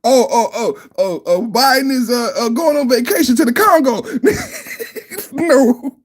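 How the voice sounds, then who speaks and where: High-voiced man riffing on a live stream. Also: very animated, measured pace. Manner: loud, laughing, rambling and repetitive. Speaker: podcast host. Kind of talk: live-stream reaction commentary.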